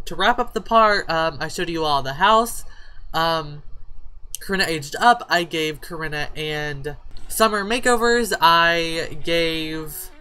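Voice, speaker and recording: Her voice sits low yet bright and forceful, slow and clean, as this gaming YouTuber casually comments on a life-sim let's play, chatting and scolding her characters the way a parent would.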